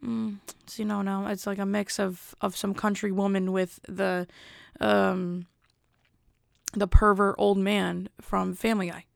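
Gravelly young woman rambling to camera. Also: mid-range voice, little pitch movement, unhurried, no room sound, clean studio sound. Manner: rambling, self-interrupting, chatty. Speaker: vlogger. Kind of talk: casual rambling chat to camera.

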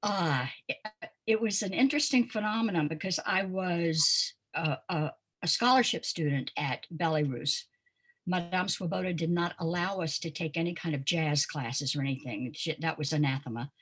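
An older woman from Pensacola tells stories as an interview guest. Her low voice carries a husky edge, and she talks conversationally with plenty of ums and uhs. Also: moderate pace. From Pensacola, Florida. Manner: warm storytelling with frequent ums and uhs. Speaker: interview guest, dance teacher.

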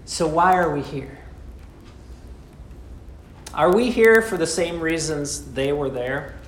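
In an echoey room with a faint hum behind him, a man delivers a sermon in a fairly high voice. He asks rhetorical questions and relies heavily on dramatic pauses, his words ringing through the space.

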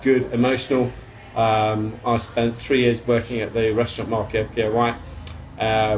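A middle-aged English man, a chef, telling stories from his career in a casual interview, with restarts, throat clearing and casual swearing. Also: medium pitch, a little hiss or hum. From England. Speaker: chef guest.

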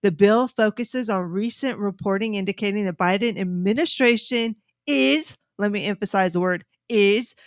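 A woman co-hosting a talk show, brisk and emphatic as she reads news stories aloud. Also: medium pitch, steady tone, no room sound, studio quality.

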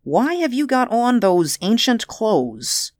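A woman voicing a big, suspicious man in uniform who speaks crisply and demands answers. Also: fairly high pitch, very animated, slow pace, no echo, studio quality, pitched above the performer's own voice. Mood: demanding.

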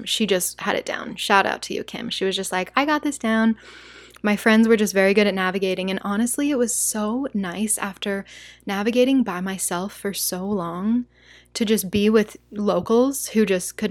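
A young woman from Utah telling a travel story to her viewers in a chatty, animated way, full of "like"s. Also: mid-range voice, no room sound. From Utah, USA. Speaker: travel vlogger.

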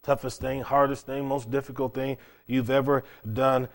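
A man preaching a sermon as pastor, dramatic, swinging between loud declarations and hushed asides, asking the congregation rhetorical questions. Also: mid-range voice, little pitch movement, normal speed.

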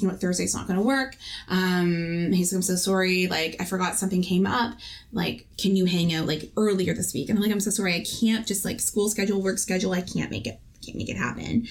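Young woman, halting rambling storyteller. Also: lowish voice. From Canada. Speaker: podcast co-host. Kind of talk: casual chat.

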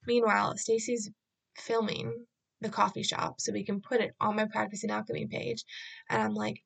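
Creaky-voiced woman telling a rambling story. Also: medium pitch, level tone, normal speed, fairly bright tone. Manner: rambling, anxious retelling with quoted dialogue. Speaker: vlogger. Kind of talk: casual storytelling vlog.

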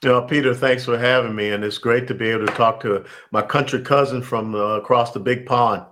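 A man in his sixties from Georgia with a Southern American accent, answering interview questions in a measured, formal way with frequent pauses. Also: medium pitch, steady tone, fairly bright tone, a little hiss or hum. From Atlanta, Georgia, USA. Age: 60s. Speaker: guest.

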